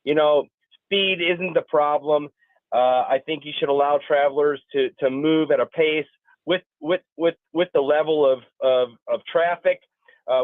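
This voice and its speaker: A man phones in to a talk radio show, his slightly raised voice squeezed through a thin, tinny phone line. He talks haltingly and keeps repeating words as he searches for his point. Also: on the high side, no echo. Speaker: caller. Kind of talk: call-in opinion. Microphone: telephone.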